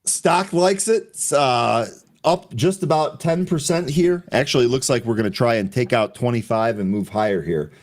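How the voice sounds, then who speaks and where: This man hosts a live morning stock show at a middle pitch. He talks in a chatty way, reads market headlines aloud and walks through charts. He laughs easily between points. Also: moderate pace. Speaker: host of a pre-market trading show.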